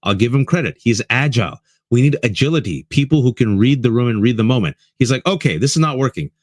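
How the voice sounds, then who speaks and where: A man's voice: medium pitch, fast, a little mellow, dry recording, studio quality. A man delivering a fiery, sarcastic political monologue, hammering points with emphatic repetition. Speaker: political commentator.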